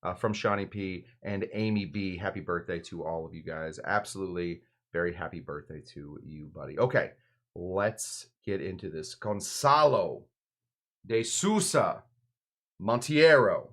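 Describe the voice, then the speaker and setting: A man with a low-pitched voice hosts a casual cocktail livestream from his home bar. He rambles through the recipe with constant "uh"s, asides and self-deprecating jokes, chatting to viewers as he works. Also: measured pace. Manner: rambling, filler-heavy, self-deprecating joking. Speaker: cocktail show host. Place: home bar in Los Angeles.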